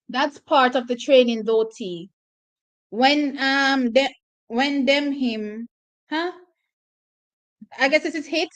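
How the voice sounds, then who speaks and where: A woman's voice: high voice, slow pace. A woman with a Jamaican accent hosting a casual livestream, chatting and reacting to viewers' comments with lots of restarts. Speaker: livestream host.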